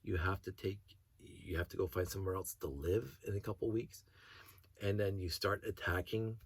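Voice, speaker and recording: A man with a low, gravelly voice tells a story in a loose, rambling monologue, often restarting his sentences and slipping in short laughs. His tone is husky. The sound is dry and close, with no room echo. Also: steady tone, normal speed. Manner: rambling, self-interrupting storyteller who laughs between thoughts. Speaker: hobby vlogger.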